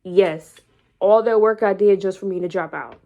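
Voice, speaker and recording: A young woman vlogging, telling a personal story casually and animatedly, repeating words and growing loud when excited. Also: mid-range voice, moderate pace, highs cut off. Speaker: vlogger and entrepreneur.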